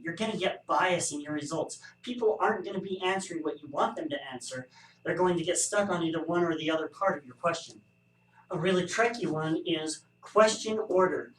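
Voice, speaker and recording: A man's voice: sits high, a bit bright, a little hiss or hum. Wry male statistics lecturer, echoey room. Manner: wry, joking asides. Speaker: statistics instructor. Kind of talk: recorded classroom lecture. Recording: echoey room, distant mic.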